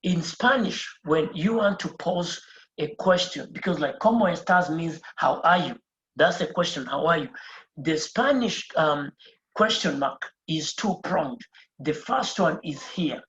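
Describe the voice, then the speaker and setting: Teacher at a board going over basics slow, repeats stuff, spells words out letter by letter, echoey room, kinda muffled. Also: mid-range voice, fairly bright tone. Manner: patient, explaining step by step. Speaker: Spanish teacher. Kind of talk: beginner language lesson at a board. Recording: roomy, dull lo-fi sound.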